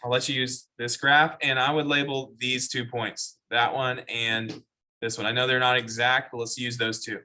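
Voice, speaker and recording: A man's voice: medium pitch, flat delivery, normal speed, bright, forceful tone. A man teaching a math class, explaining step by step and asking the students questions. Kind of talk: classroom lecture.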